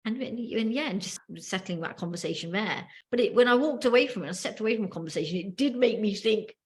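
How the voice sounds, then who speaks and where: A woman's voice: medium pitch, animated, fast talker, hardly any pauses, a little mellow. A woman with a British accent from the UK, co-hosting a casual podcast and telling a workplace story with many ums and restarts. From United Kingdom. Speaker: podcast co-host.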